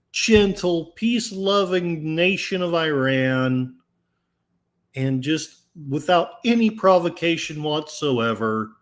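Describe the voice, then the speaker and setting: A man hosting a livestream podcast, reading out chat messages with a sarcastic, mock-solemn delivery. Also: mid-range voice.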